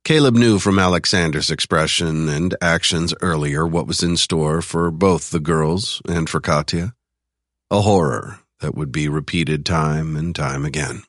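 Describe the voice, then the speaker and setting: Male thriller narrator with an extremely deep voice, recorded in a dry studio. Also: a little slow, a bit bright, no echo. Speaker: audiobook narrator.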